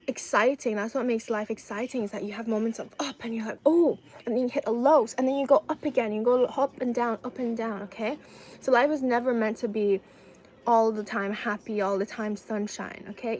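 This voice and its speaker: A woman's voice: fairly high pitch, a little mellow, poor audio. A young woman from China in a casual live-stream chat, talking in a chatty, rambling way and reading viewer comments aloud. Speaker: livestreamer.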